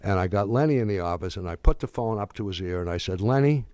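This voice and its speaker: An older man, a former trading boss, telling a story in a halting way, repeating words and acting out what others said. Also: low voice, darkish tone, no room sound, clean studio sound. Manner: halting, repeats words, acts out quoted voices. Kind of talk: casual storytelling.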